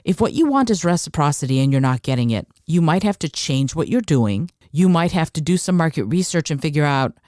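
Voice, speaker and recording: A woman's voice: deep voice, very animated, a little fast, few pauses, darkish tone, no room sound, studio quality. A woman hosting a solo podcast, talking emphatically and repeating phrases to drive her points home. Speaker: podcast host.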